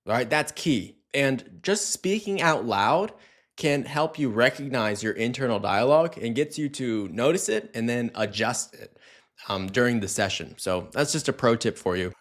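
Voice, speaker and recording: A young man coaching dog owners in a casual, repetitive way, stressing his main points. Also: mid-range voice. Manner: casual, repeats key points, playful voices for dog talk. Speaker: dog trainer. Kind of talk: instructional talk to camera.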